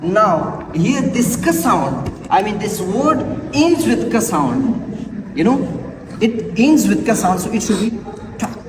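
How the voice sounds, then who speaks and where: A man giving a classroom presentation, repeating words and examples slowly and haltingly. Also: high-pitched, sing-song. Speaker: student presenter. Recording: echoey classroom from far off, noisy.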